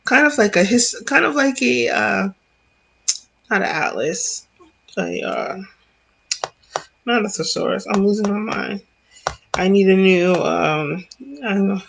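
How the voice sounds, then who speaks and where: A woman hosting a casual vlog about books, her voice carrying a gravelly, creaky edge. She wanders off track and keeps correcting herself as she talks, laughing often along the way. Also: lowish voice. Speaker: vlog host.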